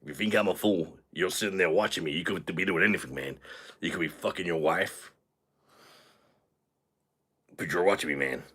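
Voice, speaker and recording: A man's voice: sits low, normal speed, pauses often, bright, forceful tone, husky, heavily acted. A British man putting on a crude, cocky American character with a put-on American accent, swaggering and vulgar on a live stream. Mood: boastful.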